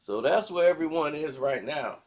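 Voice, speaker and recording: A man hosting a casual commentary vlog, talking in slangy, animated style and acting out quotes. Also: fairly high pitch, normal speed. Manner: animated, slangy, acts out quotes in other voices. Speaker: commentary channel host.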